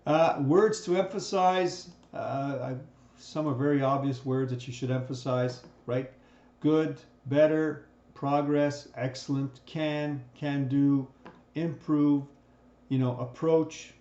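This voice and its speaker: A man's voice: medium pitch, fairly even intonation, slow, dark tone. Man lecturing in a roomy, dull recording. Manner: conversational, repeats "right?" often, frequent restarts. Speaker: instructor.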